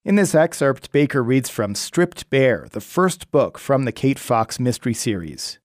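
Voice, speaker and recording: A man hosting a public radio reading program, giving a calm, scripted introduction. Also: medium pitch, unhurried, no room sound, clean studio sound. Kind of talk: scripted announcement.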